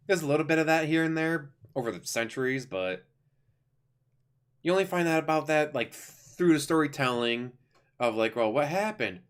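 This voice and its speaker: A man giving a casual, rambling review of an animated series, enthusiastic, with lots of fillers and restarts. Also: mid-range voice, moderate pace, pauses often. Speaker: YouTuber reviewing an animated show.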